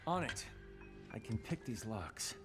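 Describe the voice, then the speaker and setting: An actor playing Espio, a calm adult male chameleon ninja in a cartoon, clipped. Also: fairly low pitch, unhurried, over music. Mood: focused.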